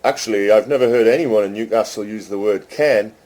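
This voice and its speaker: A man casually chatting with an AI assistant, amused and teasing, speaking slowly and carefully to it. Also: on the low side, darkish tone. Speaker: host testing a voice chatbot. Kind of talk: casual chat with an AI.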